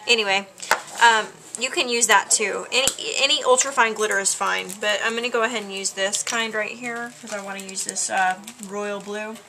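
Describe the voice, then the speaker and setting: A woman chatting her way through a craft tutorial at home, relaxed, with lots of ums. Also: medium pitch, normal speed, background noise. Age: adult with a child.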